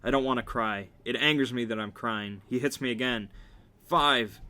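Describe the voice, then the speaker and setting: A man reads a novel aloud with a bright, forward tone and a middling pitch. He keeps it wry and casual, dropping joking asides between passages. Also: fairly even intonation, a little fast. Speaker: reader.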